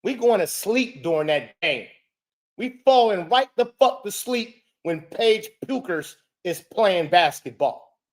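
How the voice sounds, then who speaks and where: A man hosting a reaction show, heckling a clip in a loud, profane rant. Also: high voice, lively intonation, unhurried. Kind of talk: ranting reaction commentary.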